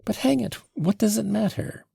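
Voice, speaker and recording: Guy doing an upset young ex-soldier getting grilled, defensive, snaps up high, gravelly audiobook voice, dry close sound. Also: very animated, moderate pace, dry recording, exaggerated voice. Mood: evasive. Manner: defensive, flaring into loud outbursts. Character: agitated young ex-soldier under interrogation, defiant.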